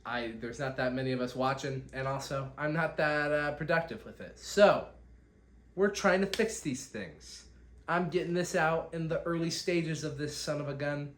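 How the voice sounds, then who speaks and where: A man's voice: a little high, normal speed, fairly bright tone. Rambling young man in an echoey room. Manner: rambling, self-deprecating, jokey. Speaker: podcast host. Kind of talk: solo catch-up vlog talk. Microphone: phone. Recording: echoey room, faint background hiss.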